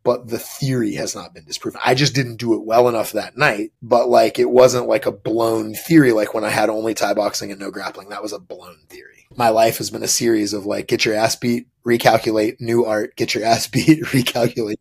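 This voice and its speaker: A man in his fifties, a podcast guest who co-owns a martial arts gym, telling stories in a casual interview. He talks in a profane, animated way and laughs often. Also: fairly low pitch, brisk, creaky, few pauses, slightly rough. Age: 50s.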